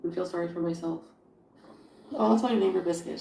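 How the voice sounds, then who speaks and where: A woman's voice: on the low side, fast, gravelly, dark tone, a little hiss or hum. A woman chatting on a livestream in a mumbling, self-pitying way. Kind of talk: livestream chat. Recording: echoey room with faint ambience.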